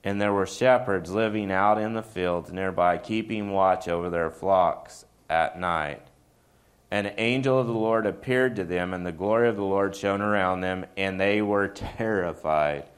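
A male pastor preaching a conversational sermon, retelling scripture with humorous asides and deliberate misquotes. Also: deep voice.

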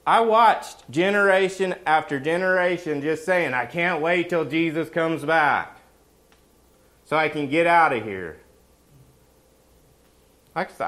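A man preaching a conversational sermon as a pastor, animated and often asking the congregation questions. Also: fairly high pitch.

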